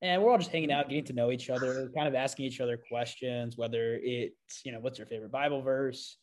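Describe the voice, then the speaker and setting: A man hosting a podcast, telling a self-deprecating story in a casual, animated way with frequent fillers. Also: medium pitch, fast. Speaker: podcast host.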